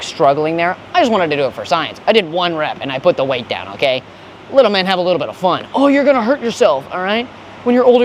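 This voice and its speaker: A man's voice: on the high side, a little hiss or hum. Joking, ranting young male gym vlogger. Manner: joking, ranting, profane slang. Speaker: fitness vlogger. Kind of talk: casual gym vlog rant.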